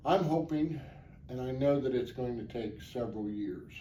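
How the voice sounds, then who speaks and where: A man's voice: mid-range voice, normal speed, dark tone, recorded from a distance, muffled recording. A man answering interview questions as the organizer of a charity motorcycle ride, plainspoken, earnest and rambling. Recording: echoey, off-mic, faint background noise.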